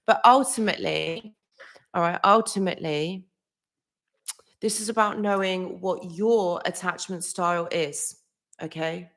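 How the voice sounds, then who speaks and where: A woman's voice: on the low side, steady tone, measured pace, fairly bright tone. A woman hosting a psychology live stream, chatting casually, greeting viewers by name, and leaning on "literally" and "like". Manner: loose, with frequent restarts and small laughs. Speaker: psychology channel host.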